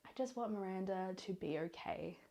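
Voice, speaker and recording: A young woman chatting in a casual reading vlog, her voice nasal and congested from illness, rambling excitedly and correcting herself as she goes. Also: medium pitch, normal speed. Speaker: book vlogger.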